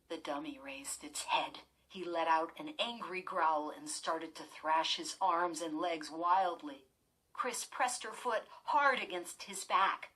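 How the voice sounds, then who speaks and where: A woman reading a horror story aloud as an audiobook narrator, slow and dramatic. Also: low-pitched, sharp tone, slightly rough, low-quality recording.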